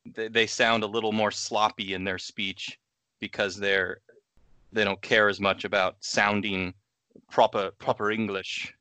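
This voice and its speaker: Rambling podcast host, bright-toned man. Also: fairly low pitch, level tone, a little slow, smooth, no echo. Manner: rambling, trails off, laughs often. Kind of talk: casual chat.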